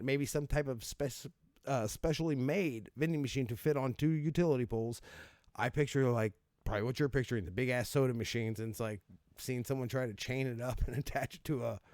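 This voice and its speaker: Male host, wry profane riffing, laughs often, average pitch, dry booth sound. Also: a little mellow, no echo. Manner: sarcastic, profane, laughing asides, mock voices. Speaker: host reacting to odd laws. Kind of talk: casual comedic commentary.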